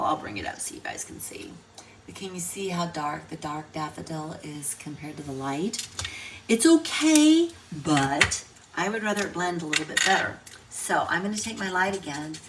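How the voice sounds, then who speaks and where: A middle-aged woman giving a casual crafting tutorial, chatty and thinking aloud as she works. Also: lowish voice. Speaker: card-making instructor. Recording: distant mic, noisy room.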